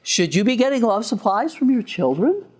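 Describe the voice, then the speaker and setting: Man, lecturer, animated pitch, jokey, laughs often, acts out quotes. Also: normal speed, slightly rough. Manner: jokey, laughs at own lines, acts out parent and child voices. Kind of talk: recorded lecture.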